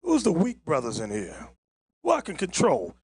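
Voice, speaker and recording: A man preaching outdoors, loud and emphatic, mocking his subject and often shouting. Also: fairly high pitch, wildly swooping pitch, normal speed, slightly rough. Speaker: street preacher. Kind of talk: open-air sermon with Bible reading. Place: outdoors on a public green.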